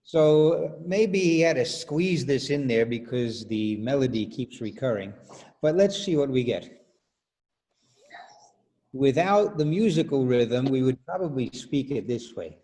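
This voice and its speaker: A man's voice: mid-range voice, mellow. A man teaching rhythm as a choral director in an online workshop, patiently explaining and counting beats aloud over a video call.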